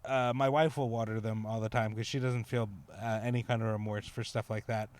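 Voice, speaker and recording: A man's voice: on the low side, flat delivery, fairly quick, darkish tone, no room sound. A man co-hosting a podcast, telling a story in a rambling, laughing way with lots of fillers. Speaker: podcast co-host. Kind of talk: casual storytelling chat.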